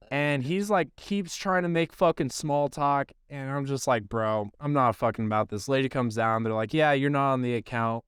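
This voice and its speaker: Guy rambling thru a sweary story on a podcast, smooth clear voice, dry close mic. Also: medium pitch, dry recording. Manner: profane, rambling storyteller who acts out quotes. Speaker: podcast co-host, baseball coach. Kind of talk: casual chat.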